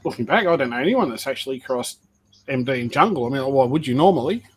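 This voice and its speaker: Relaxed man, faint background hiss. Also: medium pitch, fast talker, poor audio. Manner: relaxed, explains genetics step by step. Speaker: snake breeder cutting eggs on a livestream. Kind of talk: casual livestream chat while working.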